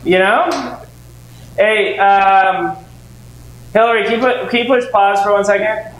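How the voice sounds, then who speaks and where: A man in his forties teaching a live seminar room, telling animated stories and acting out dialogue with shifting voices. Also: high-pitched, measured pace. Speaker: real estate investing trainer. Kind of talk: storytelling lecture to a live audience. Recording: echoey room with faint background noise.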